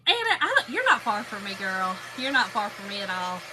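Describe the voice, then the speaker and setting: A woman's voice: mid-range voice, sing-song, normal speed, background noise. Chatty Southern woman on a livestream. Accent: Southern US (Georgia). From Kentucky, raised in Georgia. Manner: chatty, folksy, greets viewers by name. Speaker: craft livestream host. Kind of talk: casual livestream chat with viewers.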